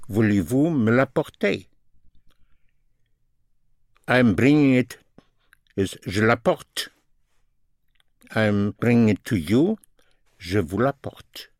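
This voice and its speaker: A man gives a language lesson at an unhurried, deliberate pace, repeating each phrase in both languages. His voice sits at an ordinary middle pitch, and the recording is dry and close, with no room sound. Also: no room sound. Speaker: French language teacher.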